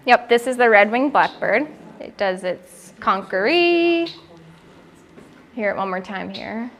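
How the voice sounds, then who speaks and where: A woman's voice: on the high side, lively intonation, slow, fairly bright tone. A woman giving a friendly, chatty talk on birds to a small audience, now and then imitating bird calls. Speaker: birding educator giving a gallery talk. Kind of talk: informal presentation to a small audience. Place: gallery room.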